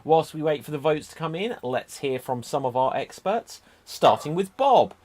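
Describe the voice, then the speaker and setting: A man's voice: fairly high pitch, animated, moderate pace, darkish tone. A man hosting a livestreamed improv comedy show over a video call, upbeat and announcing. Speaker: host.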